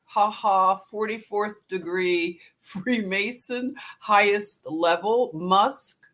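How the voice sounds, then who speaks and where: Slow-talking chatty woman streamer. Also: on the high side. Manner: chatty, greets viewers by name, laughs easily. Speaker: live stream host. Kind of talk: casual live-stream chat.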